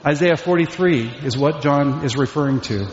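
A man's voice: a little high, moderate pace, a little hiss or hum. A man preaching a sermon as pastor, emphatic and full of rhetorical questions. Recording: echoey hall, dull lo-fi sound.

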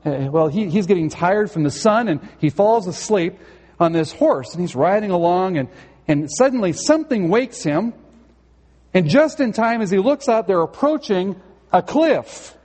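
A man's voice: high-pitched, animated, normal speed, a little mellow. A male pastor preaching a sermon in a church sanctuary, earnest and conversational, with a touch of storytelling humor. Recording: long hall reverb.

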